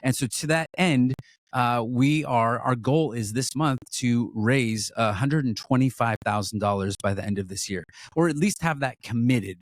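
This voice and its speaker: Earnest man with halting restarts. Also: mid-range voice, no echo. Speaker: ministry co-leader. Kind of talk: casual fundraising chat.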